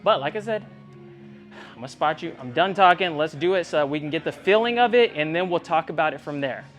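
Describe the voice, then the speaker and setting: A man's voice: on the high side, lively intonation, a little fast, fairly bright tone, faint music behind. A man coaching a young athlete one-on-one in a gym, speaking directly and earnestly, often checking whether she believes him. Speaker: tumbling coach.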